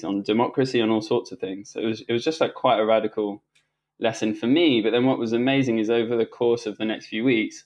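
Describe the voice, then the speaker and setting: A man with a fairly low voice speaks as an interview guest, recalling events in a relaxed, meandering way. He often restarts his sentences and pads them with fillers. He sounds middle-aged and unscripted. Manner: rambling, frequent restarts and fillers, laughs while telling stories. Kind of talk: casual storytelling conversation.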